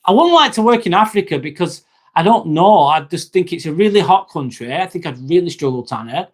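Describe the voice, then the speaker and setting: A man's voice: on the high side, lively intonation, a little fast. A man, chatting bluntly and casually with viewers on a livestream, full of "um" and "mate". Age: 40s. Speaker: livestream host and nurse.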